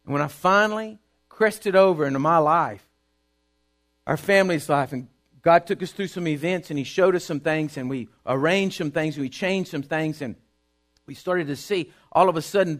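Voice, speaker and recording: A middle-aged man, preaching a sermon with emphatic repetition that climbs into shouting. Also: fairly high pitch, normal speed.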